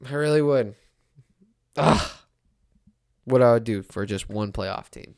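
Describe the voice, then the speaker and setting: A young man in his twenties rants casually about the weekend's games. He sounds animated and exasperated, his voice jumping up and down as he complains. His pitch sits right in the middle for a man. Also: unhurried. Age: 20s. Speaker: sports commentator. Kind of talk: casual sports rant.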